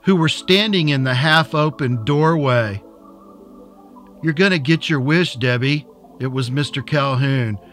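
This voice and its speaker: A man narrating a story in an even, unhurried reading voice. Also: medium pitch. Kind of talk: audiobook reading.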